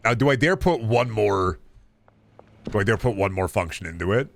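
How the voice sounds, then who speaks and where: A man's voice: fairly low pitch, lively intonation, moderate pace, creaky, dry recording. A man streaming a video game, joking around casually as he plays and talks to his chat. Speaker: gaming streamer.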